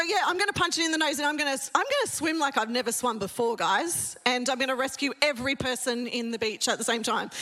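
Bright, chatty woman preaching. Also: high voice. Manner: chatty, self-mocking, humorous storytelling. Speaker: pastor. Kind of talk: sermon. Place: church hall with a congregation.

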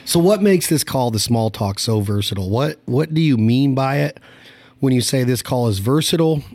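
A man's voice: medium pitch, animated, darkish tone, no room sound. A man from Nevada hosting a hunting podcast, chatting casually and joking with his guest. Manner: joking, teasing, rapid banter. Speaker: podcast host. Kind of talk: casual podcast chat and sponsor reads.

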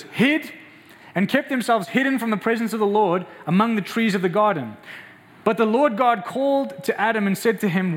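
A man preaching a sermon as a pastor, asking the congregation questions and acting out the lines he quotes. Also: fairly bright tone. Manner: acts out quoted voices with raised pitch, asks the crowd questions.

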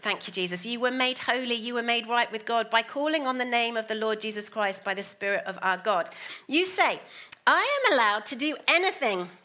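Bright-voiced woman preaching. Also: a little high. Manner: lively, shifts between hushed asides and emphatic bursts. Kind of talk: sermon.

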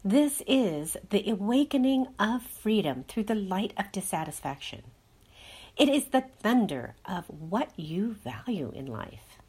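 A woman's voice: medium pitch, big pitch swings, a little slow, darkish tone, breathy edge. A woman working as a healing guide, leading a guided meditation and an astrology talk in a soothing, instructive way.

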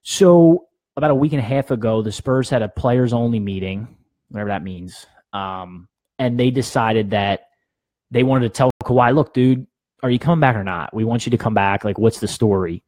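A man's voice: medium pitch, normal speed, a little mellow, dry recording. A young man hosting a sports podcast, giving blunt, opinionated takes in casual talk and laughing at his own jokes.

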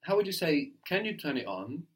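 A man teaching a language lesson, patiently prompting his student and repeating each answer slowly. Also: fairly high pitch, sing-song.

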